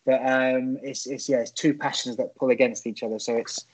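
A man's voice: medium pitch, little pitch movement, fairly quick, husky, rough recording. A man, a stand-up comedian, chatting as a podcast guest and rambling through stories with many restarts. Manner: rambling storyteller, frequent restarts. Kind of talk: casual podcast chat.

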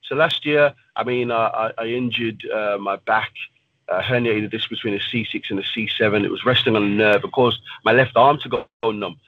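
A man's voice: on the low side, moderate pace, narrow, tinny audio. A man, a professional fighter, talking casually and bluntly in an interview and swearing freely. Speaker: pro fighter guest.

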